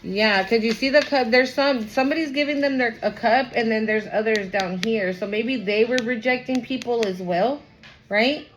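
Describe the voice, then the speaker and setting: A woman's voice: fairly high pitch, normal speed, faint music behind, rough recording. A woman giving a casual tarot reading to her viewers, chatty and emotional, often trailing off and restarting. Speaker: tarot reader. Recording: background noise.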